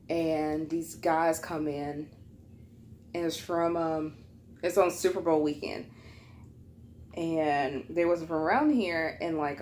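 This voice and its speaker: A young woman telling a story in a casual mukbang vlog, full of fillers, with a slightly higher voice when she quotes people. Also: slight background noise. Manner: chatty, many fillers, acts out quotes in a higher voice. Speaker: vlogger.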